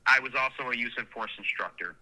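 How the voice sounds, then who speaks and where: A man's voice: medium pitch, quick pace, pushed and bright. A man, a sheriff candidate and guest, telling long, earnest anecdotes in a casual interview. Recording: phone line.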